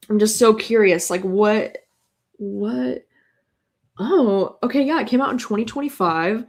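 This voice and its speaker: A young woman hosts a casual live stream, chatting excitably as she reads comments aloud. Her voice sits at a middle pitch for a woman. She talks loosely, with plenty of filler words. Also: normal speed, vocal fry, noisy background. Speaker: host reading chat comments during a live readathon. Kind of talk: casual livestream chat.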